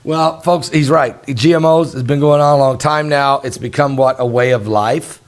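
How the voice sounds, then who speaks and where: A man's voice: medium pitch, steady tone, moderate pace. A man hosting a talk show, chatting in an earnest, folksy, rambling way. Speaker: host. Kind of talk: casual talk-show chat.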